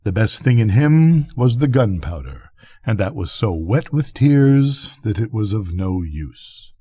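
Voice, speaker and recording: A man's voice: lowish voice, very animated, a little slow, dark tone, slightly rough. An older man, a grandfather, reading a bedtime story aloud expressively.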